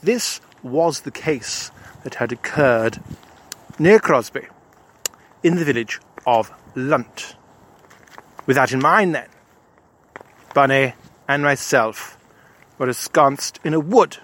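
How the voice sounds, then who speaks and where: A man's voice: medium pitch, a bit bright, slight background noise. A man telling a comic adventure story in the first person, in a pompous, self-satisfied manner.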